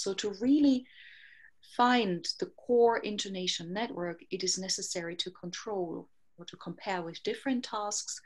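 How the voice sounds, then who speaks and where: A woman researcher delivers an academic lecture at a conference. She works through her points in a measured, explanatory way, with pitch in the middle range for a woman and frequent pauses to gather her thoughts. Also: a little mellow. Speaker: researcher giving a conference talk.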